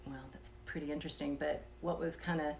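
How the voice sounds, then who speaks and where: A woman telling a personal story in a casual, soft-spoken way, sometimes dropping to a whisper and chuckling between thoughts. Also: low voice, level tone, brisk, vocal fry, a little hiss or hum. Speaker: vlogger telling a personal experience.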